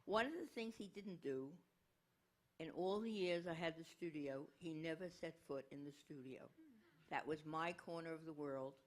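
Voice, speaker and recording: A woman's voice: low voice, moderate pace. A woman in her eighties speaking frankly and wryly as a panel guest. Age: 80s. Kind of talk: reflective panel talk.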